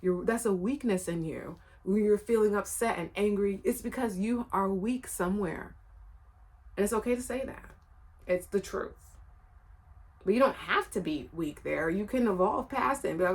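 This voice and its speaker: A woman's voice: medium pitch, normal speed, breathy edge. Woman, channel creator, casual storytelling, rambling, emphatic, repeats herself.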